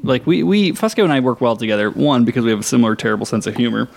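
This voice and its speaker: A man's voice: mid-range voice, racing, vocal fry, a little mellow, slight background noise. A man co-hosting a podcast, boastful and sweary, a bit tipsy from drinking. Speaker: podcast co-host. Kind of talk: casual profane banter.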